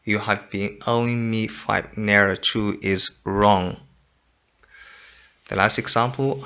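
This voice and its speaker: A man's voice: fairly low pitch, steady tone, slow, creaky, bright, forceful tone, clear, resonant tone. A man teaching an English grammar lesson, repeating points and quizzing the listener. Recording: dull lo-fi recording.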